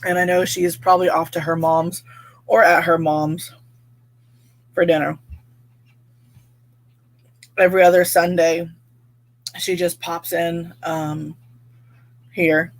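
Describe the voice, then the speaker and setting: A woman hosting a relaxed livestream, chatting with viewers, laughing often and reading their comments aloud. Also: fairly low pitch, slow, pauses often. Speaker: livestream host reading chat. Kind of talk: casual live chat.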